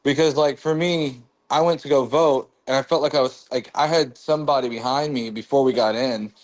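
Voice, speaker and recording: Man, host, casual political chat, animated, pitch jumps when joking. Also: fairly quick.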